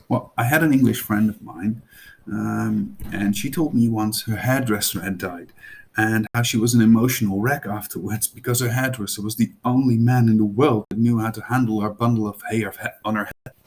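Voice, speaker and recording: A man with a Dutch accent explains a topic to a class in a loose, chatty way, full of fillers and asides. His voice sits fairly low. A faint hiss runs under the recording. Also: darkish tone, low-quality recording. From Netherlands. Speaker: teacher.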